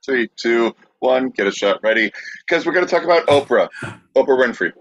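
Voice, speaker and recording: A man's voice: medium pitch, animated, normal speed, a bit bright, no room sound. A man hosting a podcast, reading out questions in an easygoing way. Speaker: podcast host. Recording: dull dry lo-fi sound.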